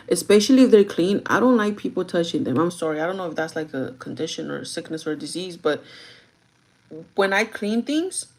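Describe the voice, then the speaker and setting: Chatty young woman with a lowish voice. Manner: animated, chatty storytelling addressed to viewers. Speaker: vlogger. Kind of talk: get-ready-with-me storytime chat.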